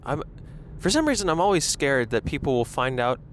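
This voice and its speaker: A man's voice: medium pitch, sing-song, fairly quick. A young man hosting a podcast from his car on a lapel mic, chatting in a rambling, self-conscious way. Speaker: podcast host. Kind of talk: casual solo chat while driving. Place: in a car in traffic. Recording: faint road noise.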